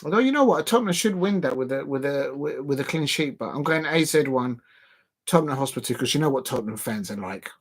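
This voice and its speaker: A man's voice: mid-range voice, animated, fast. A man hosting a football watch-along livestream in casual, rambling chat, calling out to the fans watching. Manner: rambling, chatty, addresses fans directly. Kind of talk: casual live-stream chat.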